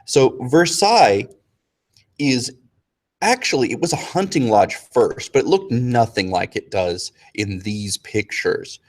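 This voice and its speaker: A man teaching a casual history review lesson, joking with students and slipping into quick, slangy voices for historical figures. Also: lowish voice, very animated.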